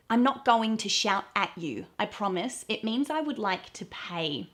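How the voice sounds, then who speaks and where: A woman's voice: medium pitch, expressive, unhurried, fairly bright tone. A woman from Australia with an Australian accent, explaining slang phrases in a playful, cheerful way and acting out examples. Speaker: accent coach.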